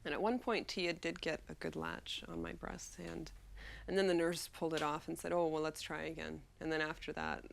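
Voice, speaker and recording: A woman speaking in a documentary interview as a new mother, outspoken and loud. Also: deep voice, steady tone, normal speed, vocal fry, a little hiss or hum. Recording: music playing under the voice.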